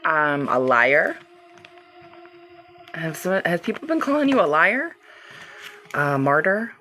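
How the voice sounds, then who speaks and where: A woman leads a live energy-healing stream and speaks in a casual, rambling way. She greets her viewers and laughs easily between thoughts. Soft music plays faintly under her voice. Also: low voice, big pitch swings, takes it slowly. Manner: chatty and loose, laughs often, talks straight to viewers. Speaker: reiki healer hosting a livestream.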